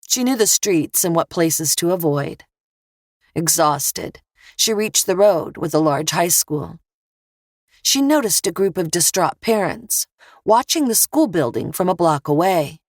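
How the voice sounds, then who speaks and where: Low-voiced woman narrating an audiobook. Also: animated, a little slow, no echo, clean studio sound.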